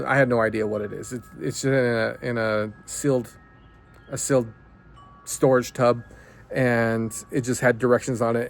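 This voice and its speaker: Man rambling through a home story. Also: medium pitch. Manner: rambling, animated storyteller with many restarts and fillers. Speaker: vlogger. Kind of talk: casual storytelling monologue.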